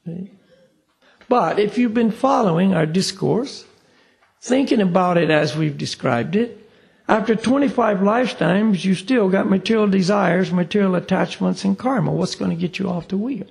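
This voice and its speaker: A man's voice: high voice, normal speed, vocal fry, a little mellow. A man teaching a spiritual class in a conversational way. He keeps saying "you see" and acts out little dialogues. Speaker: meditation teacher. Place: meditation class room.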